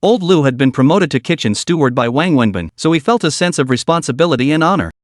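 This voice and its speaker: A man reads a story recap as scripted narration. His voice sits a bit high and moves through a lively range of pitch, and the sound is close and dry. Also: fast talker, dry recording.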